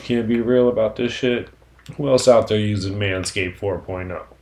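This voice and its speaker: A man's voice: on the low side, moderate pace, a little mellow. A man hosting a casual solo podcast, talking in a profane, rambling way with constant "you know what I'm saying" fillers. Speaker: podcast host.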